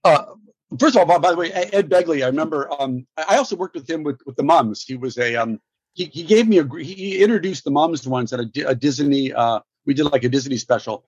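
A man, a guest actor, telling stories in an interview, animated and laughing, with many restarts. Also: a little high, fast, slightly rough, no echo. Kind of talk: storytelling interview.

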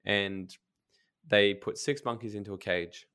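A man's voice: lowish voice, fairly even intonation, bright, forceful tone, smooth. Blunt, emphatic man telling a story. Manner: emphatic, blunt, casual swearing; storytelling with quick asides. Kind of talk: casual podcast chat.

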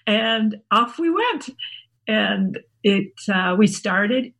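Sixties woman, relaxed interview guest, gravelly and husky, chatty storyteller who laughs easily. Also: medium pitch, takes it slowly. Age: 60s. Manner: chatty, laughs often, describes herself as an introvert. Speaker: guest, workshop founder.

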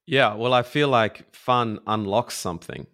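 A man interviewing a pastor in casual chat, relaxed and reflective. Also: lowish voice, a little slow.

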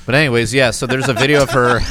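A man hosting a casual podcast chat, relaxed and joking, swearing now and then. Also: mid-range voice, noisy background.

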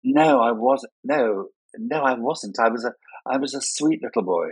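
A man's voice: mid-range voice, moderate pace, slightly rough, no echo, low-quality recording. An older man, raised in Scotland but with no Scottish accent, chatting as a guest in a conversational interview, telling self-mocking, playful stories. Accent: none, sounds English despite Scottish upbringing. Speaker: guest, party and wedding designer. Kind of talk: anecdotal conversation.

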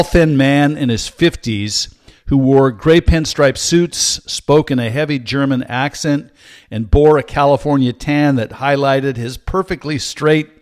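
A man's voice: mid-range voice, no room sound, studio quality. Earnest older male Bible teacher. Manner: earnest, measured, with frequent "uh" fillers. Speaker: podcast host and Bible teacher. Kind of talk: solo podcast teaching talk.

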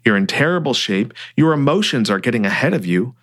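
A calm male client and mentor, measured and firm, with a voice that still moves a lot in pitch, as a man reads him. He delivers hard news gently in a storybook reading. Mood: firm, concerned.

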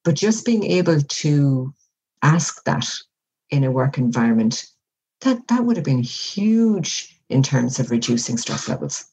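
A woman speaking as an interview guest, giving measured, reflective advice and often acting out example conversations. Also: very deep voice, sing-song, darkish tone, slight background noise, poor audio. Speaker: workplace wellbeing guest.

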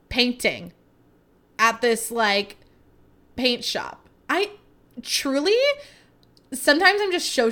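A woman's voice: mid-range voice, a bit bright. Woman, thirties, solo podcast host, casual and dramatic, laughs easily. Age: 30s. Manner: chatty and dramatic, laughing between thoughts.

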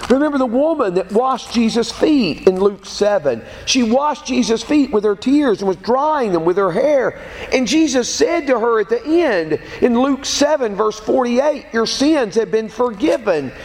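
High, lively preaching man in an echoing hall. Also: unhurried. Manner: emphatic preaching, quotes scripture aloud. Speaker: pastor. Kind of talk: sermon. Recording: echoey hall with faint ambient noise.

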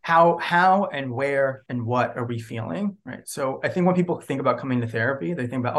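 A man who works as a clinical social worker speaks as a podcast guest in an ordinary mid-range voice. He explains things reflectively, thinking aloud as he goes. He keeps an easy, relaxed manner and laughs readily. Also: mid-range voice, brisk, few pauses. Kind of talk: casual podcast interview.

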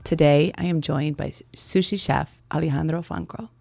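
A woman's voice: deep voice, fairly even intonation, moderate pace, vocal fry, darkish tone. A woman hosting a podcast, welcoming a guest in an upbeat way and asking him questions. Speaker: podcast host. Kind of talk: scripted podcast intro and interview questions.

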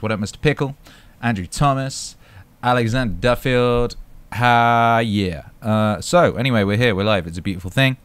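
A man hosting a live stream alone, chatting casually, reading out comments and giving shout-outs in a hyped, swearing way. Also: on the low side, clear, resonant tone. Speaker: livestream host.

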